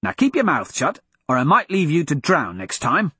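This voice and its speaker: A gruff, menacing mercenary, voiced by a man, growls short threats in a husky tone. The storybook tough guy sounds hard and unbothered, recorded dry and close. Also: fairly high pitch, huge pitch swings, normal speed, bright, forceful tone, no echo, pitched above the performer's own voice, full character voice.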